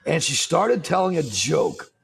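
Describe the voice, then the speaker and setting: A man hosting a live show, voice pitched high for his sex and rough with a heavy gravelly fry. He shouts out hype and banter in a rowdy way and makes jokes at his own expense. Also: big pitch swings, unhurried. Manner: hyped, rowdy and self-deprecating. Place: roadside bar.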